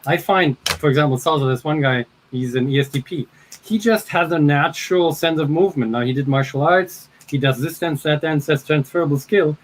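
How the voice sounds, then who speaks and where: A man's voice: fairly high pitch, a little fast, slight background noise, low-quality recording. Blunt man chatting on a panel. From Germany. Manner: blunt, swears casually, emphatic. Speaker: panel guest. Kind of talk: casual panel chat.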